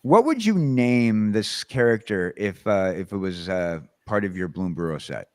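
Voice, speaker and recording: A man's voice: lowish voice, expressive, unhurried, darkish tone, no room sound. Rambling man hosting a chat stream. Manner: rambling, many fillers and restarts. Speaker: host. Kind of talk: casual livestream chat.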